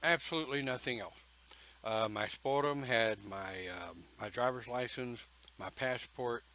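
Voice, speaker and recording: Slow, bright-voiced man telling a story. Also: medium pitch, low-quality recording. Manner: slow, folksy, emphatic storytelling with pauses. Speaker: pagan church speaker. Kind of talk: casual personal storytelling.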